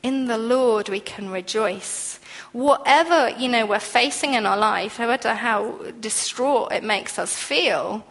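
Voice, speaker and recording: A woman's voice: on the high side, measured pace, a bit bright. Woman preaching in a reverberant hall. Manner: earnest, conversational, acts out quoted voices. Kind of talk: sermon.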